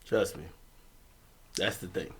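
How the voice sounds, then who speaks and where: A young man from Jamaica, a streamer telling a rowdy story in casual chat, swearing freely, laughing, swinging from loud bursts to low mutters. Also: slow pace.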